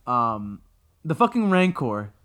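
A man reviewing a TV show on a podcast, exasperated and profane, breaking into high incredulous outbursts. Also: big pitch swings, slow, fairly bright tone. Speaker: podcast co-host. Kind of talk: casual episode review rant.

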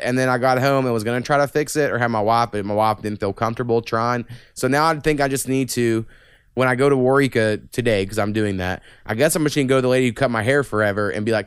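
A young podcast host rambles through stories, swearing a lot in casual chat. His mid-range voice moves quickly with a slightly bright, clean tone, and the studio sound is clean with no echo.

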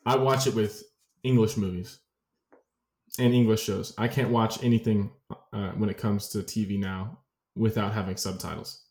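A man co-hosting a podcast in casual chat, relaxed and easygoing. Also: fairly low pitch, moderate pace, roomy sound. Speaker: podcast co-host.

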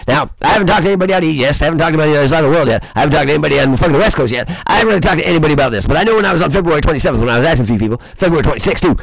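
Male host, raspy, talks fast and rambles through a profane comic rant. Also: fairly high pitch, lively intonation, no echo, low-quality recording. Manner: rambling, swearing constantly, boisterous. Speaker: host of a crude comedy show. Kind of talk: profane comedic monologue.

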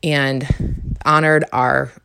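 A woman's voice: very slow, gravelly, smooth, dry recording, clean studio sound. Indignant woman telling a dating story. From Canada. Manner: animated, indignant retelling with rising pitch and laughs. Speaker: podcast host. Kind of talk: casual storytelling monologue.

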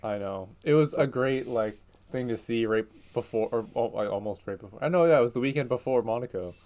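A man's voice: mid-range voice, brisk, darkish tone. A man co-hosting a casual chat show, talking in a laid-back, hesitant way with many fillers. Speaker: podcast co-host.

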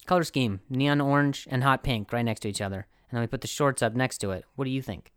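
A man's voice: mid-range voice, fast talker, a bit bright, clean tone, no echo, clean studio sound. A young man hosting a comedy podcast, rambling and sarcastic with lots of restarts. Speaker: podcast host. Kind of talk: comedic monologue.

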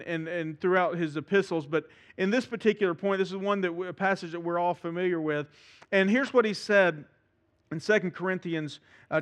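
A man pastor preaching a sermon, with emphatic delivery that swings from loud to soft. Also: high-pitched.

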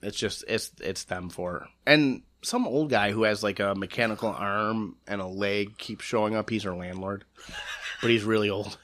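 A man co-hosting a podcast, talking about shows in relaxed casual chat and laughing easily. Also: fairly low pitch, normal speed. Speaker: podcast co-host.

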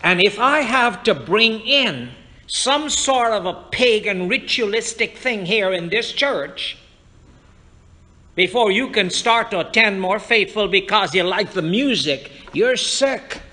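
A man's voice: sits high, lively intonation, slow, pushed and bright. A man preaching a fervent sermon to his congregation in a church, quoting scripture and addressing listeners directly. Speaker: pastor. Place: church sanctuary.

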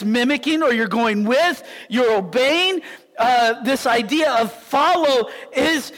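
High, bright-voiced animated male pastor. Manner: animated storytelling, acts out scenes. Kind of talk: sermon. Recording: long hall reverb.

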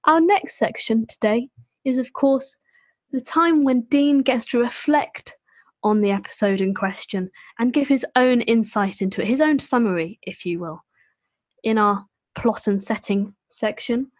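A woman's voice: fairly high pitch, unhurried, darkish tone, no echo. A woman co-hosting a podcast with dry, teasing banter. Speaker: podcast co-host.

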